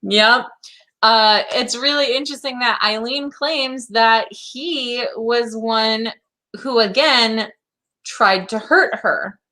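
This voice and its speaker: Woman, true-crime podcast co-host, casual chat, animated storytelling, bright clear voice. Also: slow pace. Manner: animated storytelling, acts out quotes in a high voice.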